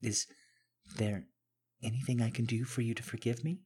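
A man's voice: mid-range voice, fairly even intonation, moderate pace, dark tone, husky, pitched above the performer's own voice. A man voicing a nervous, eager young man who sounds flustered and breathless when he pleads. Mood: pleading.

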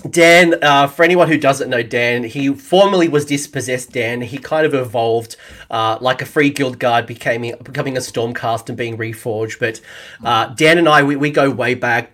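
A man's voice: mid-range voice, steady tone, moderate pace, fairly bright tone. A man with an Australian accent hosting a podcast, chatting casually and telling jokey stories. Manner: jokey, laid-back storytelling. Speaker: podcast host. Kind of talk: casual chat.

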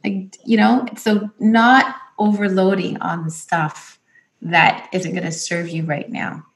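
A woman's voice: mid-range voice, steady tone, slow. A woman hosting a casual conversation, encouraging and direct as she gives advice.

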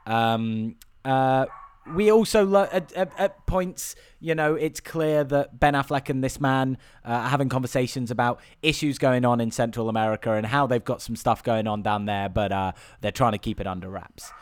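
A man's voice: medium pitch, moderate pace, clean tone. A man co-hosting a casual film-review chat, rambling and sweary, acting out scenes in mocking voices. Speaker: podcast co-host reviewing a film.

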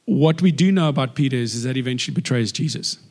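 A man giving a lively, conversational sermon and acting out the people in the story. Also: mid-range voice, quick pace. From South Africa. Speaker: guest preacher. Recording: long hall reverb.

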